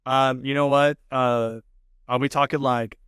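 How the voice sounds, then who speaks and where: Male podcast guest, mid-pitched, relaxed and enthusiastic, dry studio sound. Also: a little slow, clear, resonant tone, no echo. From California. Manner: laid-back, enthusiastic, says "man" and "dude" often. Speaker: podcast guest, food show host. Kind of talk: casual chat.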